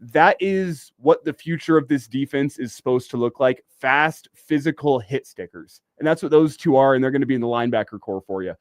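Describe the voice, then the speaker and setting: A man's voice: medium pitch, fairly quick, few pauses, no room sound, studio quality. A man co-hosting a sports talk radio show, making his points in an emphatic, argumentative way. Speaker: radio co-host.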